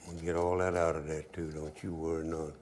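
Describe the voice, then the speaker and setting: Very deep and a little mellow, this older cooking-show host's voice comes out flat and brisk over a slight hiss or hum. He jokes easily and spins stories while cooking, using dialect grammar in a folksy demonstration.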